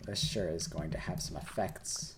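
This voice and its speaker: A tipsy young man with a low voice hosts a game video at a moderate pace, rambling, joking and casually swearing as he answers questions while playing. Background noise and keyboard and mouse clicks can be heard behind him.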